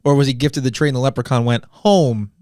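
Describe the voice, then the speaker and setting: A man's voice: mid-range voice, a little fast, a little mellow, no room sound, studio quality. A man joining a casual movie review podcast as a guest, cracking jokes and asking teasing questions.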